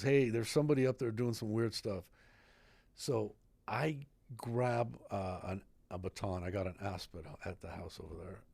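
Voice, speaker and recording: A man in his fifties, a retired fire captain, guests on a casual podcast interview in an Idaho studio, telling stories with animation and acting out the dialogue. His voice sits on the low side, with vocal fry and a breathy edge, and the recording is dry.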